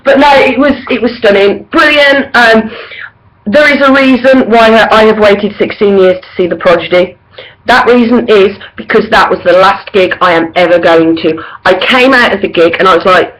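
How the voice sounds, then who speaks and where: A woman's voice: mid-range voice, moderate pace, a bit bright, rough recording. Woman, 30s, vlogger, effusive and rambling, casual to-camera delivery full of fillers. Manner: gushing and rambling, full of ums and likes. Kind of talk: casual to-camera gig review.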